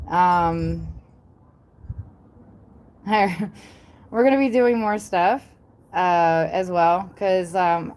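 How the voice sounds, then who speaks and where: Southern woman in her thirties, blunt, rambling livestream chat, mid pitch, faint background hiss. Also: a little mellow. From American South. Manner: rambling, repetitive, blunt with frequent ums and mild swearing. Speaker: YouTuber on a livestream.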